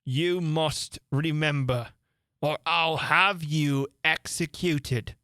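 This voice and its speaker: A fussy old king speaks slowly and heavily, full of self-importance and worry, as a man puts him on. This is a storybook reading with a dry, close sound. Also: a little high, steady tone, sharp tone, dry recording. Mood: pompous. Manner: slow, drawn-out delivery.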